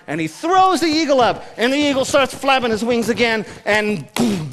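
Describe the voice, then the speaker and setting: A man telling a traditional story live on stage, animated and teasing the audience with asides. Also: high-pitched, brisk, hardly any pauses. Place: stage at a cultural gathering. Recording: long hall reverb.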